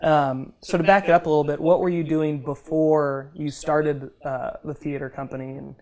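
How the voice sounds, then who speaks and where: Low-voiced rambling woman host. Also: steady tone, moderate pace, darkish tone. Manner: rambling, self-deprecating, many fillers. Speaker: podcast host. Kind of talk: casual interview chat.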